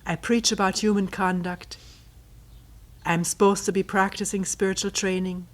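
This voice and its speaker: A woman giving a reflective retreat talk as a meditation teacher, reading a commentary aloud in a slow, thoughtful way, often dropping to a breathy near-whisper, wry at times. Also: mid-range voice, little pitch movement. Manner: wry, with soft laughs.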